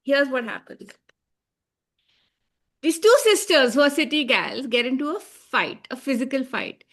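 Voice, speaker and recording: A woman co-host in the middle of a casual review chat. Her voice sits high and sounds bright and tense, and she talks emphatically, with heavy sarcasm and free swearing. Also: expressive, measured pace.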